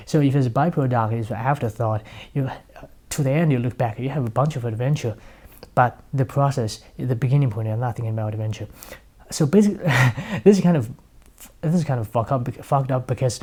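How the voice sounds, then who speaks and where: Male speaker, casual motivational talk; blunt and profane, acts out scenes, warm mellow timbre. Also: medium pitch.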